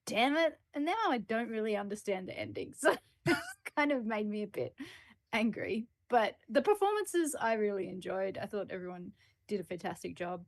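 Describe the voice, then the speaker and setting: A woman's voice: mid-range voice, sing-song, moderate pace, no room sound, studio quality. A woman, chatting bluntly and swearing freely as a podcast co-host. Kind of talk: casual chat.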